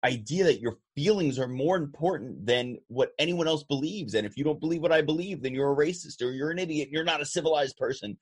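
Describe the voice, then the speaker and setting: A man's voice: on the high side, fairly quick, hardly any pauses, breathy edge. A man in casual political chat, blunt and exasperated, swearing now and then.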